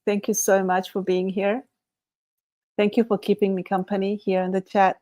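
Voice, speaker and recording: A woman's voice: medium pitch, flat delivery, normal speed, a little mellow. Chatty woman live-streaming, laughing often. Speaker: channel host reading chat. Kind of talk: casual live-stream chat.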